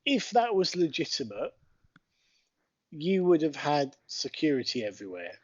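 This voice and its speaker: Husky man calling the action casually. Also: a little high, big pitch swings, dry recording, muffled recording. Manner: play-by-play describing, quick asides. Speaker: podcast co-host. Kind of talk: casual watchalong chat.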